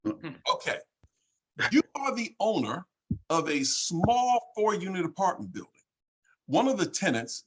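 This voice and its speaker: Male host who reads scenarios aloud, slightly raised pitch and a husky edge. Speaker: podcast host.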